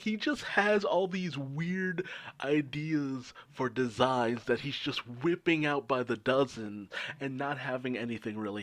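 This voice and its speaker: A man reviewing a manga chapter in casual, animated commentary, swearing freely. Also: a little high. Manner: animated, swearing, fan excitement.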